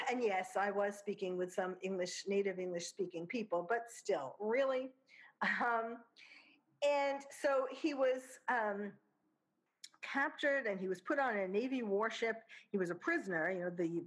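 A woman's voice: mid-range voice, moderate pace. A woman with a New York accent giving an unscripted spoken commentary, talking casually with many fillers and small laughs. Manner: chatty, with frequent fillers and laughs. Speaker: commentator discussing a criminal case. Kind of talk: unscripted monologue.

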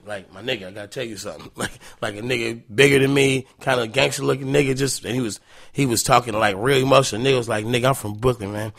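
A man's voice: mid-range voice, creaky, a bit bright, dry recording, clean studio sound. A man guest telling casual, profane stories with frequent laughs. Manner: loose, profane, laughing anecdotes. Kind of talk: casual storytelling.

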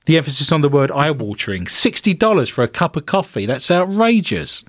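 A man's voice: fairly high pitch, sing-song, a little fast. A man hosting a comedy podcast, reading odd news stories aloud and cracking wry jokes about them. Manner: joking, reads stories aloud with wry asides. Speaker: podcast host.

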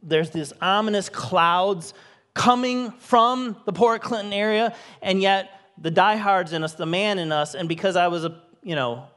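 A man's voice: sits high, a little slow, a bit bright. A man in his forties, a co-lead pastor, preaching a sermon to his congregation with earnest, emotional personal stories. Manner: earnest, emotional storytelling with rising emphasis. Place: church stage before a congregation.

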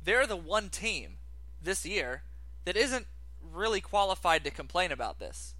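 A man's voice: sits high, big pitch swings, unhurried, a loud crowd. A man co-hosting a casual sports talk show, arguing his points step by step. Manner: argumentative, lays out cases step by step.

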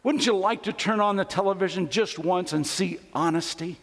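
High-voiced man preaching in a reverberant church. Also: moderate pace. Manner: conversational storytelling preaching. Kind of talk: sermon. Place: church sanctuary. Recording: long church hall reverb.

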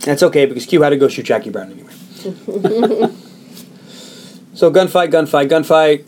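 A man's voice: on the high side, normal speed, darkish tone, slight background noise. A man hosting a podcast, casually retelling a film scene by scene with loose, profane storytelling. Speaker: podcast host recapping a film. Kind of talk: casual chat.

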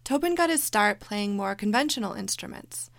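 A woman's voice: mid-range voice, lively intonation, moderate pace, gravelly, fairly bright tone, no echo. A woman co-hosting a podcast, narrating a documentary story in a descriptive, storytelling way. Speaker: podcast co-host.

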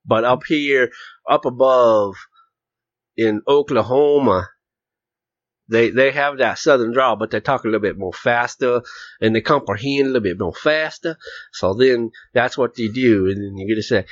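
A man's voice: medium pitch, moderate pace, dry recording. A man hosting a casual podcast, joking and rambling as he tells stories. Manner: jokey, rambling, puts on voices. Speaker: podcast host. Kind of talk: casual chat. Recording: dull, dry lo-fi sound.

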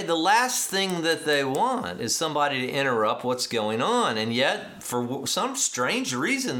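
A man delivers a sermon as a lively story, acting out the people in it and building to excited peaks. His voice sits a bit high and sounds bright and forceful. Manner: animated, acts out quoted dialogue, rising to excited emphasis. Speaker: pastor.

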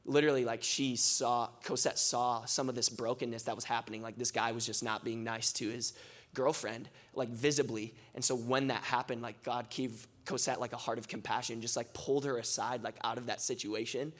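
A man's voice: medium pitch, steady tone, fairly quick. A young man sharing faith testimonies at a church gathering in a casual, rambling style full of filler words. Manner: casual, filler-heavy storytelling with many "like"s; rising, impassioned closing prayer. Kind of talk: testimony sermon.

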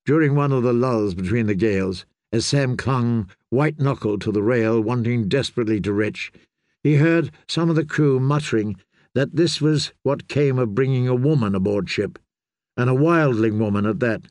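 A man reading a novel aloud as a steady, measured audiobook narrator. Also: medium pitch, dry recording, studio quality. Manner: slow, steady storytelling. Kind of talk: scripted narration.

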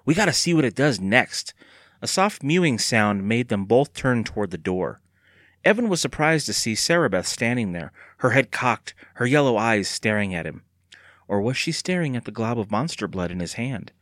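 A man reading a children's spooky storybook aloud, expressive. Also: medium pitch, moderate pace, no echo, clean studio sound. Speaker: audiobook narrator. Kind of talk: scripted narration.

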